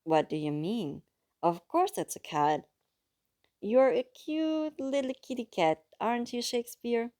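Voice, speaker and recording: A woman with a German accent reading the part of a cheerful, naive young man who talks in an excited, doting way. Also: sits low, measured pace, full character voice.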